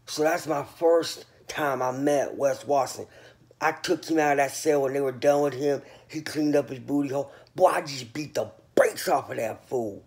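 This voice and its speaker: A man's voice: mid-range voice, normal speed, a little mellow. A man from North Carolina talking casually to camera as a vlogger, boastful and rambling in street slang, a little sleepy.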